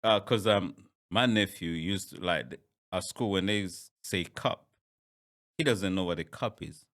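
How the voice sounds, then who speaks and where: A man's voice: low-pitched, a little slow, a bit bright. A man hosting a podcast in a casual interview chat, who often repeats words and laughs easily. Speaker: podcast host.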